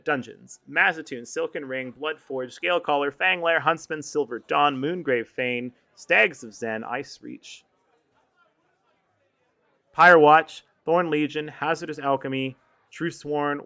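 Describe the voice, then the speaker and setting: Gravelly-voiced man reading game news. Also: on the high side, pushed and bright. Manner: rambling, lots of ums and self-corrections. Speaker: podcast co-host. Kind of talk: casual game news chat.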